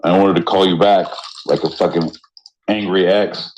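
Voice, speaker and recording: A man co-hosting a podcast in casual banter, rowdy and joking, often jumping into loud mock voices. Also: low voice, steady tone, normal speed, dull audio. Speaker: podcast co-host.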